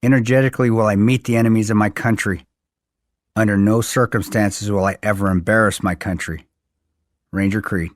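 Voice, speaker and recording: A man's voice: lowish voice, fairly even intonation, fairly quick, dry recording, clean studio sound. A man reading aloud from his own memoir in an earnest, plain-spoken way. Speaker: author reading his book. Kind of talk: audiobook-style reading.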